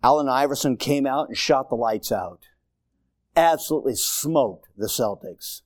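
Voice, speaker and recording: A man's voice: expressive, a little slow, no room sound. Fiery preacher man with a dry sound. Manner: swings from low, quiet asides to loud, high shouted exhortation; repetitive, rousing, sports-laced preaching. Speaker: guest preacher. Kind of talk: sermon.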